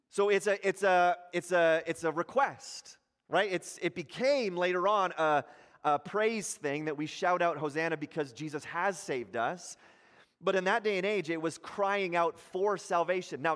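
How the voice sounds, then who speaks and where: A pastor preaches a sermon in a high voice at a moderate pace, with a long reverb tail trailing his words. He is animated, acts out the voices of a crowd, and restarts his sentences often.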